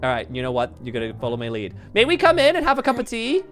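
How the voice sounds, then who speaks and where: A woman voicing a bossy strict dad in a comedy game role-play who barks orders with a lively, bouncing delivery. The pitch swings widely. Faint music plays behind. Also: quick pace, exaggerated voice. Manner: barking orders, playful.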